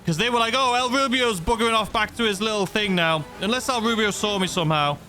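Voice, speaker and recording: A man's voice: high voice, fast talker, bright, forceful tone. A man giving rambling, self-mocking gameplay commentary that tips into frustration. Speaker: gaming YouTuber.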